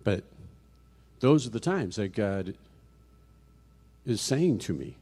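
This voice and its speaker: A man's voice: fairly low pitch, big pitch swings, takes it slowly, long pauses, dark tone, slightly rough. A middle-aged man preaching a conversational sermon as a guest speaker in a church, with frequent restarts and rhetorical questions to the congregation. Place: church sanctuary.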